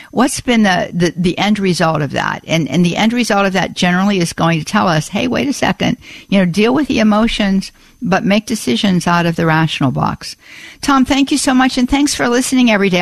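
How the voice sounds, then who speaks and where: A woman's voice: on the low side, gravelly, no echo. A woman hosting a religious call-in radio show, effusive and gushing with praise.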